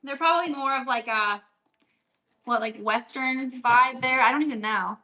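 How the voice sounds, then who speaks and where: A woman with a high, bright, pushed voice talks at a moderate pace while hosting a relaxed crafting livestream from her home table. As a livestream seller, she chats away and reads viewer comments aloud while she works.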